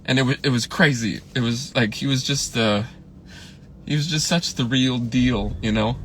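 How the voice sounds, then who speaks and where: In this casual livestream, a filmmaker reminisces about a colleague who passed away, meandering through fillers and restarts and getting emotional now and then. He speaks at medium pitch and a moderate pace with a fairly bright tone, over slight background noise.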